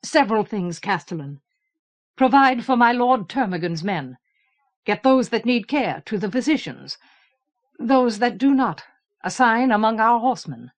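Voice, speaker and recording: Woman narrator doing a brisk king in a book reading: commanding, firm, slightly raised voice. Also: fairly high pitch, expressive. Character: middle-aged male king, commanding and brisk.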